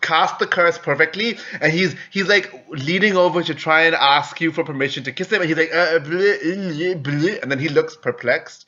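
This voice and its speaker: A man's voice: fairly high pitch, fairly quick, few pauses, bright, forceful tone. A man narrating a tabletop game as game master, telling the story with animation and laughing easily. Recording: slightly dull, lo-fi recording.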